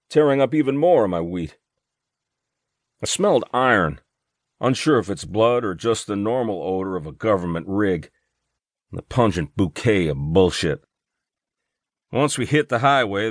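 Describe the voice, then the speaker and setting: A man reading first-person fiction aloud as an audiobook narrator, with dry, wry humor. His voice sits fairly low. The recording is very dry and close to the mic. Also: dry recording.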